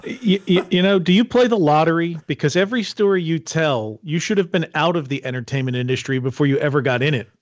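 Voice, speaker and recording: A man's voice: on the high side, fast, hardly any pauses, dull audio. A man hosting an interview, joking and teasing the guest in casual chat. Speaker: podcast host.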